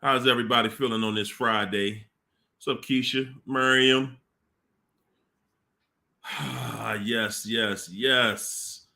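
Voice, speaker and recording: A man hosting a casual livestream, slowly reading out names from the chat with warm laughs. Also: medium pitch, fairly even intonation, gravelly. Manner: slow, drawn-out shout-outs with laughs. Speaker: livestream host.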